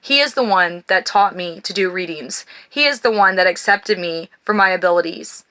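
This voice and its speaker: A middle-aged woman hosts a spiritual card reading, her voice bright and clear. She talks to viewers in an earnest, personal way and reads blessings in a slow, gentle cadence. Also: on the low side. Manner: reads blessings slowly, then talks warmly and emotionally to viewers. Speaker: tarot and oracle card reader.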